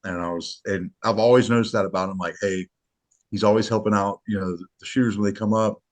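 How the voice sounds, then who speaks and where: A man's voice: on the low side, steady tone, fast. A middle-aged man, a match director, chatting casually on a podcast in an earnest, rambling way with many restarts.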